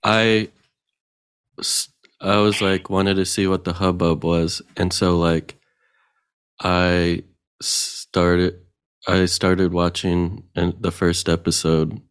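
A man's voice: sits low, little pitch movement, takes it slowly, smooth. A man co-hosting a comedy show, telling a rambling story in a laid-back way. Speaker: co-host. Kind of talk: casual comedy podcast banter.

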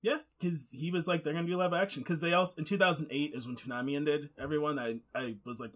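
A man's voice: on the high side, fairly even intonation, quick pace, few pauses, a bit bright. A man co-hosting a podcast in casual chat, rambling with many fillers and restarts. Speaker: podcast co-host.

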